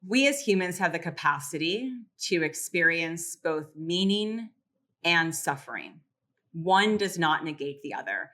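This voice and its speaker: A middle-aged woman psychologist explaining coping tools calmly and clearly in a podcast interview. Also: fairly low pitch. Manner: calm, measured, teacherly explanations. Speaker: psychologist and caregiver clinic founder.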